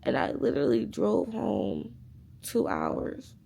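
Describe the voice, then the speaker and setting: A young woman in her twenties talks straight to her camera in a loose storytime vlog. She is animated and profane, acting out both sides of the quoted dialogue. Her voice carries a gravelly vocal fry at a middle pitch. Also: takes it slowly. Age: 20s. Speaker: vlogger. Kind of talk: casual storytime chat.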